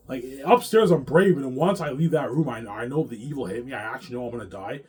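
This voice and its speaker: A man's voice: medium pitch, fast, darkish tone. A man rambling in an agitated monologue to the camera, swearing often and repeating his words. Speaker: vlogger.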